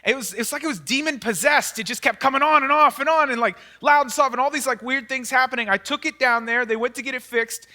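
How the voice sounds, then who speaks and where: High-pitched, bright-voiced pastor, a man. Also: a little fast, hardly any pauses. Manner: energetic, laughs often, acts out worried questions. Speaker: senior pastor. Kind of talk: lively sermon. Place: church worship hall.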